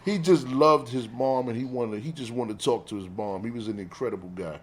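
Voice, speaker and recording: A middle-aged man, a bereaved father telling family stories in an emotional, animated conversational way, often laughing and saying "man". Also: mid-range voice, a little fast, a little hiss or hum.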